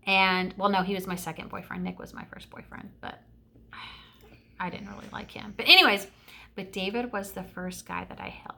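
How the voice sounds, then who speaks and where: A woman's voice: medium pitch, bright, forceful tone. A middle-aged woman telling childhood stories in a casual vlog, gushing and emotional, with lots of fillers. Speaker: vlogger. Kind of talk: casual storytelling.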